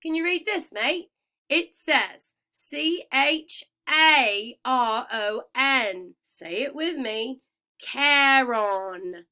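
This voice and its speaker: A woman voicing a smooth, cold and greedy male ferryman of the dead, with a vaguely British accent and a slow, sweetly menacing drawl. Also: a little high, animated, sharp tone. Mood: condescending.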